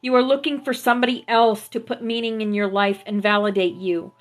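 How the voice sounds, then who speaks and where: A woman hosting a spiritual live stream, gently affirming her viewers and reading out teachings through a phone mic. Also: a little high, level tone, fairly quick. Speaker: spiritual livestream host. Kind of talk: spiritual livestream talk to viewers.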